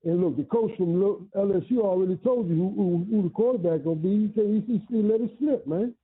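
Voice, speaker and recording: A man calling in to a sports radio show, excited and boastful in a slangy way. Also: high voice, fast talker, breathy edge. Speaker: caller. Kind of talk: call-in radio talk. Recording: phone line.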